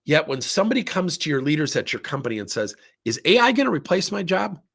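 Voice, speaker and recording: A man's voice: on the high side, fast, gravelly, husky. A middle-aged man, a workplace coaching consultant, talking to camera and telling stories that act out the voices of the people in them. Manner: animated storytelling, acts out quoted voices. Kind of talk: talk to camera.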